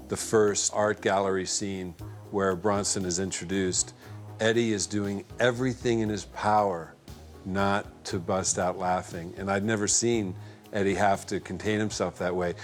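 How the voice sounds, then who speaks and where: A man from a film's cast or crew reminiscing in an interview, relaxed and conversational. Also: on the low side, unhurried, soft background music. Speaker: film cast or crew member. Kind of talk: anecdotal interview.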